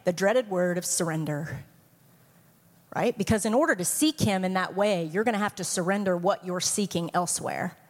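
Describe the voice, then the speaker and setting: Middle-aged woman giving a sermon, chatty and earnest, lots of "right?", reverb-y church hall. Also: mid-range voice. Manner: earnest, conversational, frequent rhetorical questions. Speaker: church speaker, former career military officer.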